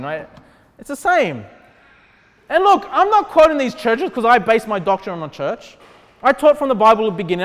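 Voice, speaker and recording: High-voiced male pastor preaching casually in a church hall, lots of asides to the congregation. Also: fairly bright tone. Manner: conversational preaching, many rhetorical questions and asides. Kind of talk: sermon. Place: church sanctuary. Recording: long church hall reverb.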